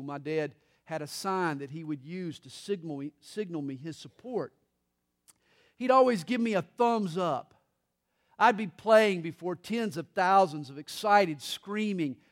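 High-voiced man preaching a sermon. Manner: dynamic preaching with dramatic pauses and humor. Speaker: pastor.

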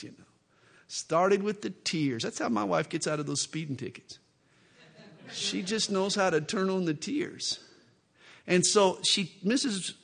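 Folksy high-voiced male preacher. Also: gravelly, fairly bright tone, slightly rough. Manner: folksy, joking, conversational. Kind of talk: expository sermon with humorous asides.

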